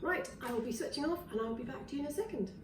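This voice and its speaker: High-pitched, rapid-fire and lively in intonation, this Scottish wellness vlogger gives a relaxed cooking demo in her own kitchen, rambling with fillers and restarts. The background is noisy, and the roomy, distant recording is full of clinking dishes, cutlery and pans.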